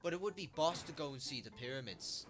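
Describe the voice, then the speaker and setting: A man's voice: on the high side, animated, quick pace, over music. A Liverpool man in his late teens with a Scouse accent, telling rambling, sweary stories while live streaming. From Liverpool, England. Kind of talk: casual live-stream chat.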